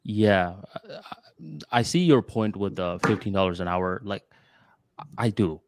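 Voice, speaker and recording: A man co-hosting a podcast, talking in a rambling, casual way, full of "like" and "dude" and quick restarts. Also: a little hiss or hum. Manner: rambling, filler-heavy with lots of "like" and "dude"; animated, jumps to higher pitch when voicing others. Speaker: podcast co-host.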